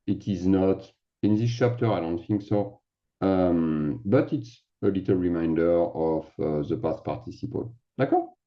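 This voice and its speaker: Deep, unhurried French-accented man teaching. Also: dull audio. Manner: sprinkles French fillers, asks "d'accord?" often. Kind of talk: casual classroom explanation.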